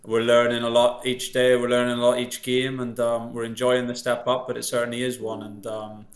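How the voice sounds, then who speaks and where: Male football manager, measured answers, roomy echoey sound. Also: medium pitch, monotone. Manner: measured, modest. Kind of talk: podcast interview. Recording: roomy echo.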